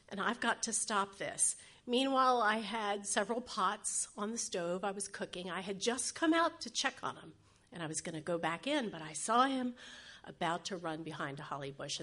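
A woman's voice: medium pitch, fairly bright tone. A middle-aged woman tells a true personal story on stage, self-deprecating and acting out the voices of others.

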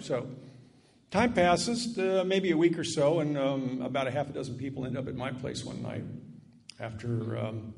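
An older man telling a story to a live audience on stage, animated and chatty, with asides and self-deprecating jokes. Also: mid-range voice, a little slow. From Annapolis area. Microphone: stage microphone.

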